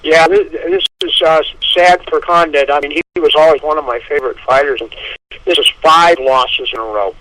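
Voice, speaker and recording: A man with a somewhat high voice chimes in on a casual fight show. He jokes around and answers his co-host in relaxed banter. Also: normal speed, dry recording, poor audio. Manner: joking, mock-yelling impressions. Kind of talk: casual fight recap chat.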